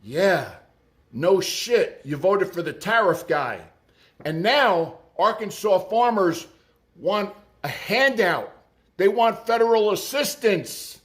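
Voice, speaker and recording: A man's voice: high voice, expressive, slow pace, a bit bright. A man giving sarcastic political commentary, profane and mocking.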